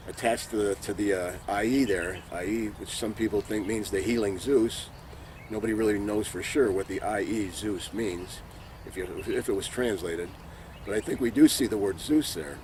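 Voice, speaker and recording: A man with a somewhat low voice leads an informal Bible teaching, earnest and emphatic as he reads passages aloud and comments on them. A faint hum of background noise sits under the recording. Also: darkish tone.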